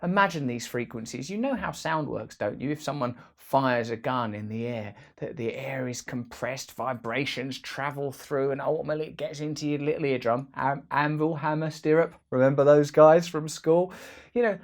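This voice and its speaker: A man's voice: medium pitch, moderate pace. A man hosting a casual, rambling vlog, full of playful jokey asides. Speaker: host.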